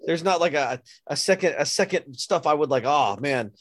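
A man's voice: a little high, expressive, normal speed, fairly bright tone, no room sound, clean studio sound. A man who is a teacher co-hosting a podcast, talking in a rambling way with many restarts. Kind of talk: casual chat.

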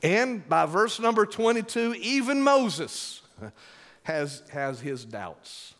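A male pastor preaching a sermon with emphatic, drawn-out delivery, calling for responses from the congregation. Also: high voice, sing-song, fairly bright tone. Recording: long hall reverb.

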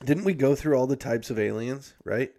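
A man's voice: mid-range voice, moderate pace, warm tone. A young adult man hosting a podcast in casual chat, rambling and swearing freely, with many fillers and restarts. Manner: rambling and heavily profane, with frequent fillers and self-corrections. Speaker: podcast host.

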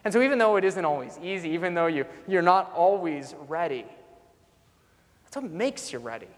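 A man's voice: high voice, very animated, moderate pace. Earnest male pastor in a reverberant hall. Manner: earnest storytelling, repeating a refrain. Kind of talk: sermon. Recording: long reverb in a large hall.

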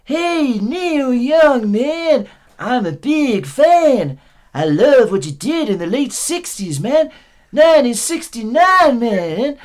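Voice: sits high, sing-song, slow, exaggerated voice. A performer impersonating an older male folk-rock singer in a comedy sketch, with a nasal, slurred drawl, calling everyone "man". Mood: rambling.

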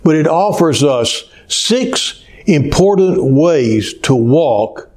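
Slow-spoken male pastor preaching. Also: fairly high pitch, animated, darkish tone. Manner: slow storytelling delivery. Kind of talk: sermon.

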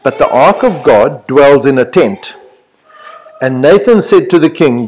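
A man preaching a sermon, reading scripture aloud and retelling it in lively paraphrase with repeated words and restarts. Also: medium pitch, measured pace, poor audio. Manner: animated, repeats words, paraphrases God's voice in his own words.

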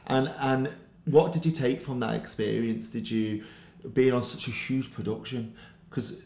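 Interview host, excitable, quick reactions, echoey room. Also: mid-range voice, slight background noise. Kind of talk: interview chat.

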